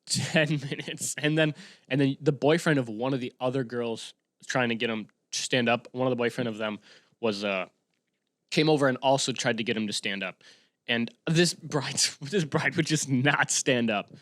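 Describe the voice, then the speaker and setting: A young man hosting a casual solo podcast, rambling and excitable, breaking into sudden bursts of yelling. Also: mid-range voice, normal speed, dry recording, clean studio sound. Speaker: podcast host.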